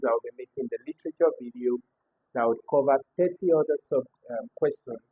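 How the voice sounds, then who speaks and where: Husky man explaining exam answers. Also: mid-range voice. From Nigeria. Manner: explains step by step, repeats words aloud to show sounds. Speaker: exam tutor. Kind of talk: exam prep lesson. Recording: tinny phone-like audio.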